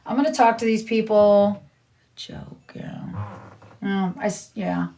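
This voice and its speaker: A woman's voice: mid-range voice, takes it slowly, creaky, warm tone, far from the mic. A middle-aged woman livestreaming, chatting casually in a blunt, rambling way and repeating herself.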